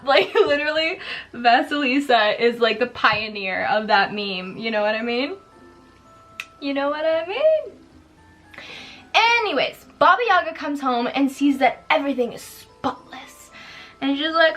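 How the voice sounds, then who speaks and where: A woman's voice: high voice, expressive, moderate pace, fairly bright tone, soft background music. A woman vlogger retelling a folk tale in a chatty, sarcastic way, full of "like" and "girl," while doing her makeup. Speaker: spooky lifestyle vlogger.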